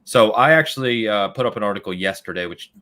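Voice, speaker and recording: A man's voice: on the low side, fast, pushed and bright. A man co-hosting a podcast, talking casually and animatedly, laughing often and thinking aloud with fillers. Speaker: podcast co-host.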